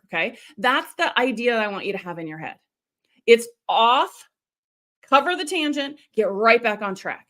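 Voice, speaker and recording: A woman with a slightly high voice coaches her viewers live on a stream. She talks in a chatty, animated way and often breaks into quick asides. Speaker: online video coach hosting a live stream. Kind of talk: casual live-stream teaching.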